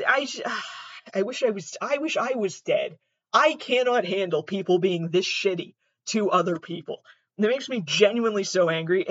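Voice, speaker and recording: A podcast host with a high, fairly bright, slightly rough voice reacts casually to online clips, rambling, cursing and sounding exasperated as he keeps restarting. The recording is muffled, dull and dry, with no room sound.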